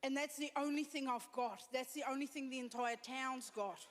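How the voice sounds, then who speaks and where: A woman's voice: sits high, steady tone, moderate pace. A woman from South Africa with a South African accent, doing a blunt, self-deprecating stand-up set on a comedy stage. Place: comedy stage before an audience. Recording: live venue with long reverb and faint room noise.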